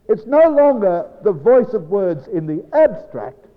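Man preaching in an echoing hall. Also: sing-song. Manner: slow, emphatic, dropping low and soft on key phrases; addresses congregation as brethren and sisters. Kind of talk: bible exposition sermon. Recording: dull lo-fi recording with long hall reverb.

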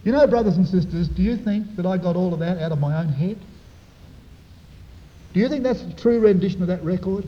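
A man preaching a sermon to his congregation, with dramatic, swelling emphasis and slow, drawn-out phrases. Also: high-pitched. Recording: dull echoey hall recording.

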